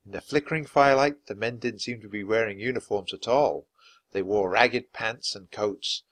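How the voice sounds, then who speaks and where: A man reading a children's storybook aloud for English learners in a clear, steady, measured way. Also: on the low side. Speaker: storybook reader.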